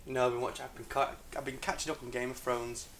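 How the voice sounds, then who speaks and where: An Englishman co-hosts a podcast in relaxed, chatty form. He laughs easily and tells stories without hurry. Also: mid-range voice, fast, a little hiss or hum. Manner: laid-back, laughing. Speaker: podcast co-host. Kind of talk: casual chat.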